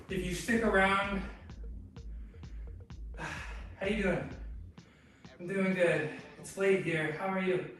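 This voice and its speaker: Higher-voiced man, unhurried, out of breath, home garage streamer, roomy and distant sound. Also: fairly bright tone. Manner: laid-back, chatty, greets viewers by name. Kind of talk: casual chat with live chat while lifting.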